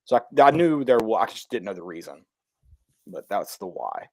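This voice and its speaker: A man co-hosting a podcast in casual sports chat, rambling and cutting himself off, his delivery often flat. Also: lowish voice, moderate pace, no room sound, studio quality. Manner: rambling, self-interrupting, flat delivery he jokes about. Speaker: podcast co-host.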